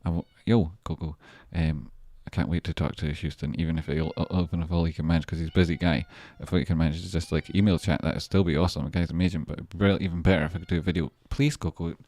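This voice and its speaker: A man's voice: low voice, steady tone, quick pace, few pauses, darkish tone. A man hosting a trading livestream, chatting casually and rambling as he jokes and reacts to viewer messages.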